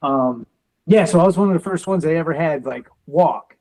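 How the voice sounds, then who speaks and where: A man's voice: fairly high pitch, normal speed, a little mellow, low-quality recording. A man, a military veteran, telling his story in an interview, acting out the dialogue and sounding defiant and determined.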